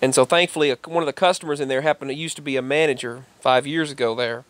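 A man's voice: medium pitch, steady tone, fast talker, a bit bright, no echo. A man telling a rambling personal story in casual vlog style. He repeats himself and raises his voice when he quotes other people. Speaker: vlogger.

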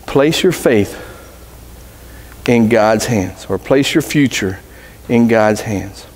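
A man's voice: on the low side, expressive, takes it slowly, darkish tone, big-room sound. A man preaching as a pastor, earnest, telling a story with voices. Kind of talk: sermon. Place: church sanctuary.

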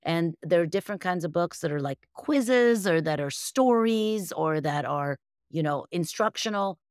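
A bridge champion from the United States appears as a guest on an interview show, answering casually and rambling with plenty of fillers and restarts. Her voice is fairly low in pitch and expressive at a normal speed, recorded in a clean studio with no room sound.

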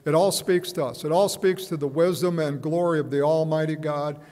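A man preaching a sermon in a measured, musing way, often hesitating and repeating himself. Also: fairly high pitch, fairly even intonation, darkish tone. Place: church. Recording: long church reverb.

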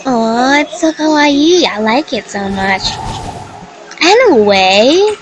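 A young woman commenting on her game with excited exclamations and slightly broken phrasing. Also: high-pitched, slow, background noise. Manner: gushing, exclaims often, slightly broken non-native phrasing. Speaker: gaming video creator.

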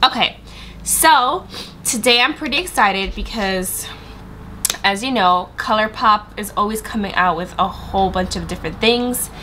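A beauty vlogger with a mid-range voice, a pushed and bright tone, and a slightly slow pace sounds stuffy and congested. Seated for a makeup review vlog, she's bubbly and chatty with her viewers, and there's slight background noise.

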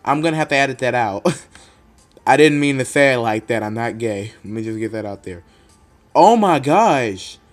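A man giving live gameplay commentary in a jokey, excitable way, bursting into loud outbursts and then muttering low. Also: a little fast, soft background music. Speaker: gaming commentator.

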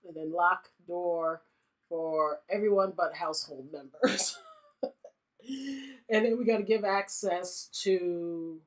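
Giggly woman narrating her life-sim game. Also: on the low side. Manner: giggly, animated, voices characters in quick asides. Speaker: gaming YouTuber. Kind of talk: casual let's-play commentary.

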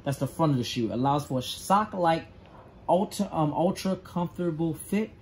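A man's voice: on the high side, animated, moderate pace, a little hiss or hum. A man casually reviewing sneakers, reading product details aloud and stumbling over words.

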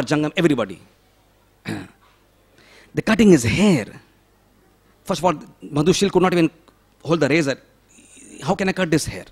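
Dramatic preacher, man. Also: a little high. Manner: dramatic, swings from loud pleading to hushed whispers; rhetorical questions to the audience. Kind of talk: devotional sermon storytelling.

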